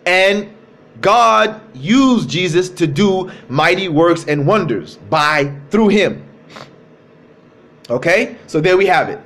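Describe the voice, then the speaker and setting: Male speaker, high-ish voice, streaming a religious talk from his phone, drives points home by repeating them. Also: lively intonation, a bit bright. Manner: emphatic, repeats key phrases, slows to stress words. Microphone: cell phone.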